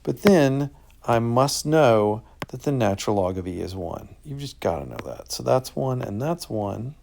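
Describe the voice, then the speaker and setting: A man who is a math teacher, casually talking through an answer key and thinking out loud in an upbeat way. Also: mid-range voice, very animated, measured pace, gravelly, a little hiss or hum.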